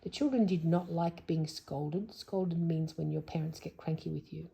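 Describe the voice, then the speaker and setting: Husky woman reading a storybook aloud. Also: low-pitched, moderate pace, warm tone. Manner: adds whispered asides to a child listener. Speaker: storybook reader. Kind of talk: reading a children's book aloud.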